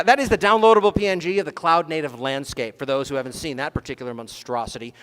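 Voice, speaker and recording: A man's voice: fairly high pitch, a bit bright. A man giving a comedic technical talk at a conference, full of dry, sarcastic jokes. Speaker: conference speaker. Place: conference hall stage. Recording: long reverb of a large hall.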